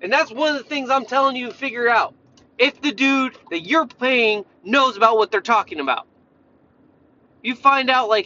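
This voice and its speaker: Male fitness coach, high bright voice, blunt profane rant, slightly muffled lo-fi sound. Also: lively intonation, moderate pace, a little hiss or hum. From Tennessee, USA. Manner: blunt, swears a lot, jumps around.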